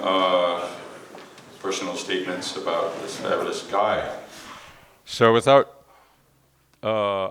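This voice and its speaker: Halting man hosting a bookstore event. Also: on the low side, fairly bright tone. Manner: halting, many "uh" fillers and restarts. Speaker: bookstore owner hosting a memorial reading. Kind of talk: informal event introduction. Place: bookstore event space with an audience. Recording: echoey, noisy room from a distance.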